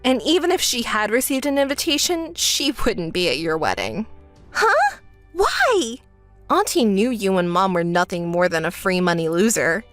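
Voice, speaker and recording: A woman's voice: mid-range voice, big pitch swings, moderate pace, hardly any pauses, dry recording, soft background music. Cold, firm young woman narrating. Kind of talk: dramatized texting-story narration.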